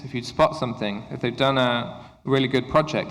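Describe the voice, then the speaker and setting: A man's voice: medium pitch, brisk, fairly bright tone. Man presenting a workshop in an echoey hall. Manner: engaging, often checks in with the room by asking "okay?". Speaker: workshop presenter for English teachers. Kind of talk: conference workshop talk. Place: conference lecture room.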